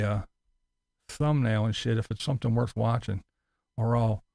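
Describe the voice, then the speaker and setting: A man's voice: medium pitch, creaky, dark tone, dry recording. A man hosting a live stream, talking casually in a profane, mocking, rambling way.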